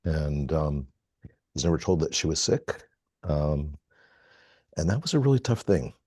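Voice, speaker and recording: A middle-aged man on a video call, telling a personal story in a halting, reflective way with many pauses. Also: very deep voice, big pitch swings, warm tone, slightly rough, no room sound, studio quality. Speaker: call participant. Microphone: video call mic.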